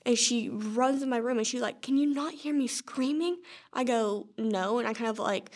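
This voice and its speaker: A young woman, a grieving sister, speaking quietly and subdued in a documentary interview, often saying "like". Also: a little high, moderate pace.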